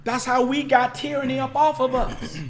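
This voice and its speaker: A man's voice: extremely high pitch, steady tone, normal speed. A man telling stories as a podcast guest, acting out quoted dialogue with emphatic, passionate delivery. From United States. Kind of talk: storytelling in casual conversation.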